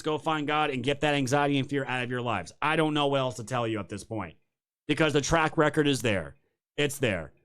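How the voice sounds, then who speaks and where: On his own political stream, a man rants heatedly, profanely and sarcastically, addressing his viewers directly as "you guys." His voice sits on the high side, fairly bright and smooth, suited to a political commentary host doing a live-streamed rant.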